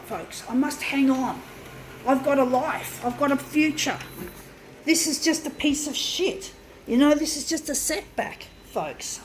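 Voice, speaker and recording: Her voice a little high, a woman demonstrates a craft for viewers, hot, sweaty and shaking, swearing often and calling them folks as she grumbles casually through the work. The recording is low quality with slight background noise.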